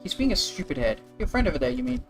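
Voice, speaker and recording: A man's voice: high voice, very animated, fast talker, over music, voice pushed up. A man voicing a sulky young boy, whiny and petulant.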